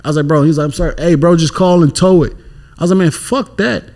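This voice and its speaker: A man's voice: a little high, fairly even intonation, very fast, warm tone. A young man, a podcast guest, telling a story casually and animatedly, acting out what people said and swearing freely.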